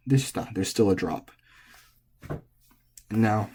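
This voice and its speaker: A man teaching pitch in a relaxed, casual lesson, thinking aloud as he goes. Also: slow, long pauses, a little hiss or hum. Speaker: language teacher.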